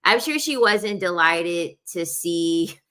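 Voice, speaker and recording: Woman, young adult, casual chat, rambling fillers, bright tone. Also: lowish voice, lively intonation, takes it slowly. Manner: laughs while talking. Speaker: podcast host.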